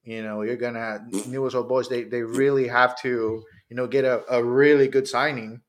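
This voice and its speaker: A man from Honduras co-hosting a sports podcast, giving measured, thoughtful takes in casual chat with frequent "you know". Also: medium pitch, fairly even intonation. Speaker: podcast co-host.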